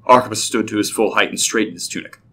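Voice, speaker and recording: A man narrating a scripted story in a steady, even way. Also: fairly low pitch, fast talker.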